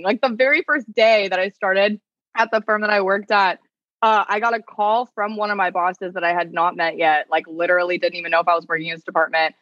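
A woman talks as a podcast guest, racing through a story with lots of "like" and lively swings in her voice. The sound is a little muffled and dry, with no room echo. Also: medium pitch. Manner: fast, animated storytelling full of "like". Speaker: attorney and content creator, podcast guest. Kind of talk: casual podcast chat.

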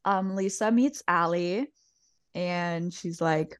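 A woman's voice: fairly low pitch, slow, no room sound. A woman co-hosting a podcast, recapping a reality show in casual, gossipy chat and acting out the quotes. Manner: gossipy, laughs often, acts out quotes. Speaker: podcast co-host.

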